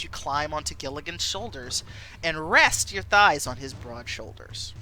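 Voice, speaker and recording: A woman streamer reading a story game aloud, animated and giggly. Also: low-pitched, unhurried, slight background noise. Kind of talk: live-stream game narration.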